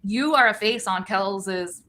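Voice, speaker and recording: A woman's voice: medium pitch, takes it slowly, pushed and bright, a little hiss or hum. A woman on a livestream chat, earnestly backing up the host's account.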